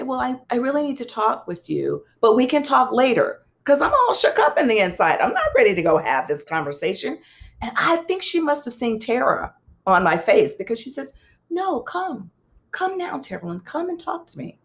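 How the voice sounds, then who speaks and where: A woman guest, a psychologist and pastor, telling a personal story in an interview, animated and conversational with touches of self-deprecating humor. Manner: animated, acts out quoted dialogue with big pitch swings.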